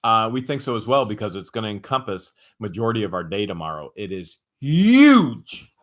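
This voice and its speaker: A man's voice: fairly low pitch, lively intonation, quick pace, pushed and bright. A man co-hosting a casual livestream, upbeat and playful as he hypes an announcement. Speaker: co-host of a livestream. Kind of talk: casual live-stream chat.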